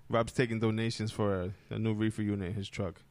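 A man's voice: lowish voice, a little mellow. A man in his forties with a New Jersey accent, co-hosting a podcast in casual, joking and blunt banter. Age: 40s. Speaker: podcast co-host. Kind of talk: casual chat.

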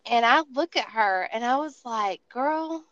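A woman hosting a podcast, telling stories in a casual, profane, animated way with lots of restarts. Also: on the high side, moderate pace, no room sound, muffled recording. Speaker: podcast host.

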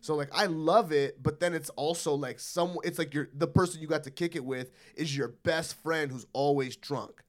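A man in his thirties chats on a podcast, swearing freely. He tells his stories with energy and bursts into loud acted-out quotes. His voice sits a bit high for a man. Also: moderate pace, hardly any pauses. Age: 30s. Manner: profane, animated storytelling with loud put-on quotes. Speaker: podcast co-host. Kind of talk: casual chat.

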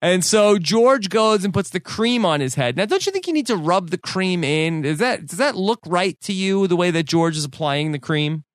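A man's voice: high voice, animated, moderate pace, few pauses, no echo, studio quality. Casual man recapping a sitcom episode. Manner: recaps scenes with frequent "like" and quoted lines. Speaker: podcast co-host. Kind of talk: casual chat.

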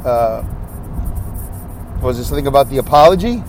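A man's voice: medium pitch, animated, a little fast, a little mellow, faint music behind. A sleep-deprived man in his fifties hosting a solo podcast, rambling and losing his train of thought. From upstate New York. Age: 50s. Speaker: podcast host.

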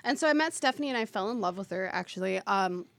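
A woman chats briskly as a psychic ghost hunter on a talk show. She talks fast and earnestly, and her voice sits in the middle of the range. The sound is close and dry. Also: medium pitch, lively intonation, creaky, a bit bright, dry recording. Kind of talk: casual chat.

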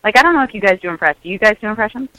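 Bright, sarcastic woman podcast guest. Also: mid-range voice, animated, no room sound, low-quality recording. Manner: sarcastic, joking, quick. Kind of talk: casual podcast chat.

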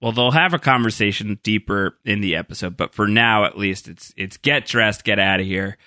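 A man's voice: on the low side, moderate pace, pushed and bright, no room sound, studio quality. A man co-hosting a podcast, chatting casually and recapping TV scenes with many fillers. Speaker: podcast co-host. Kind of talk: casual chat.

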